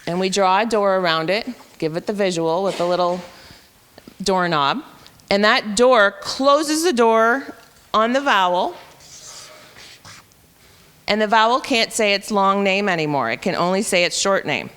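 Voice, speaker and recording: A woman's voice: medium pitch, unhurried, long pauses, a bit bright, smooth, big-room sound. A woman teacher explaining a reading intervention program step by step at a professional development session. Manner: explanatory, talks through teaching steps.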